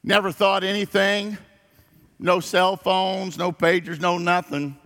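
A man preaching a sermon, telling folksy stories in an animated way. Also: high voice, slow. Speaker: pastor. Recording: long hall reverb.

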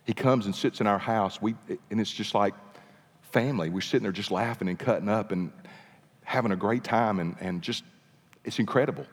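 A man preaching, telling a story with animated, dramatic pacing in a sermon. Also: lowish voice, fairly quick, slightly rough. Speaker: pastor. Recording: long reverb of a large hall.

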